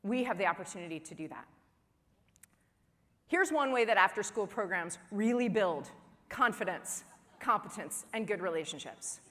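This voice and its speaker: A woman in her forties giving a humorous keynote speech at a conference, telling family stories in an animated way and acting out the dialogue. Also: mid-range voice, normal speed, long pauses. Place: large conference hall. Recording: long reverb of a large hall.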